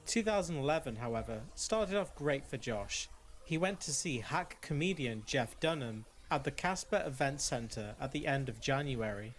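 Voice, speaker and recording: A man's voice: medium pitch, expressive, normal speed. Guy reading a script, dry and mocking, medium voice, bit of hiss. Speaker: narrator. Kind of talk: scripted documentary narration.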